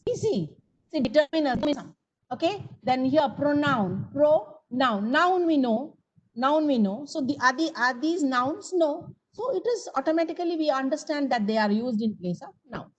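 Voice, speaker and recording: A woman's voice: high voice, lively intonation, moderate pace, highs cut off. A woman with an Indian English accent teaching grammar in an online coaching class, coaxing her students to answer her questions. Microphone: video call.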